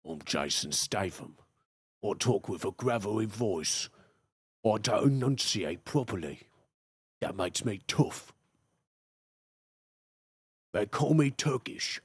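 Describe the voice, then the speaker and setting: Man doing gravelly tough action hero, mumbles, low voice, dry sound. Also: expressive, slow pace, long pauses, no room sound, full character voice. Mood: deadpan tough. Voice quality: gravelly, poor enunciation.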